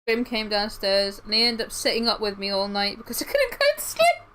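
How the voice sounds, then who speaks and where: A woman's voice: medium pitch, flat delivery, a little fast, background noise. A young woman, rambling through a story while livestreaming, with lots of fillers and restarts. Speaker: streamer.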